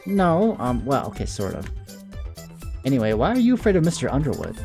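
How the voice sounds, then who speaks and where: A man's voice: medium pitch, wildly swooping pitch, a little fast, warm tone, faint music behind, voice pushed up. A man with a Southern accent voicing a hyper, teasing young female student with a playful, bossy manner. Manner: playful, bossy and mock-grand. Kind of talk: video game dialogue reading.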